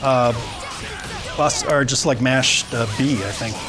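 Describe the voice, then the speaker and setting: A man with a medium-pitched voice talks through a fighting game, walking the others through its mechanics in an easygoing, offhand way. He swears casually as he goes, and game music plays clearly behind him. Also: slow pace. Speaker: video game commentator. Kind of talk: casual gameplay commentary.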